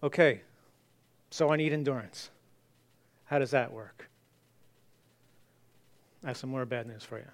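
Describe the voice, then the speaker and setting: A man's voice: mid-range voice, measured pace, pauses often. A man preaching a sermon, reading scripture aloud and repeating key lines earnestly. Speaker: pastor.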